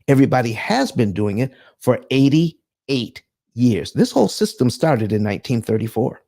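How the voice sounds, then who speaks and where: Animated preacher-style man hosting a stream. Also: medium pitch. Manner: emphatic, preacher-like delivery with dramatic asides. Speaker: host of a live personal finance stream. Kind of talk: live-streamed finance presentation.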